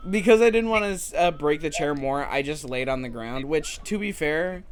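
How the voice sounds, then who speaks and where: A man's voice: on the high side, animated, moderate pace, clear, resonant tone. A man co-hosting a gaming channel, chatting casually and joking while he plays. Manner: laid-back, jokey, swears casually. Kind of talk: casual chat over gameplay.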